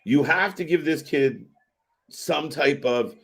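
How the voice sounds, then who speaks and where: A man hosting a live wrestling watch-party stream, giving excitable, profane reaction commentary. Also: fairly high pitch, slow pace, creaky. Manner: excitable and profane, swearing often.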